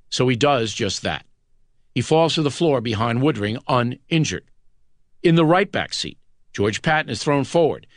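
A man narrating a nonfiction audiobook in a measured, dramatic scripted read. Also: medium pitch, a bit bright, no room sound, clean studio sound.

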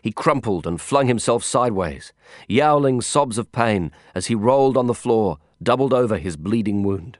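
A man reads a novel aloud in the first person with a low voice. His telling is measured and intense. The recording is dry and close, with no room sound. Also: dry recording. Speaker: audiobook narrator. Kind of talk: scripted first-person narration.

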